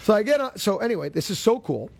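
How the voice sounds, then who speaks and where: High, lively chatty male show host. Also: quick pace, gravelly. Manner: chatty, animated, self-deprecating. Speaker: golf radio show host. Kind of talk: casual show chat and ad read.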